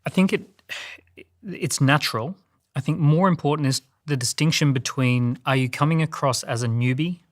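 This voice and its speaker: A man as an interview guest, explaining his ideas in a measured way. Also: fairly high pitch. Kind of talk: casual interview talk.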